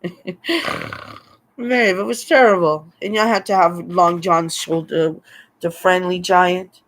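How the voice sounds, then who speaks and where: Slow-talking man in his fifties. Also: sits high, a bit bright. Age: 50s. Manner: rambling, laughs often between remarks. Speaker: vlogger. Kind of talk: rambling personal storytelling.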